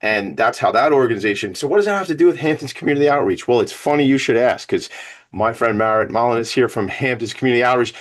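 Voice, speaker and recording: A man's voice: mid-range voice, expressive, fast talker. A man hosting a radio talk show, enthusiastic and rambling, a little out of breath from climbing to his attic studio. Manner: enthusiastic, rambling, self-promoting. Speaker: podcast host.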